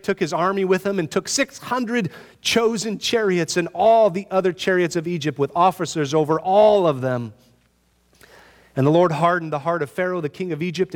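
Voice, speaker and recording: A man preaching a sermon in an animated, conversational way, asking his listeners rhetorical questions. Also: high voice, in a large hall. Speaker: pastor.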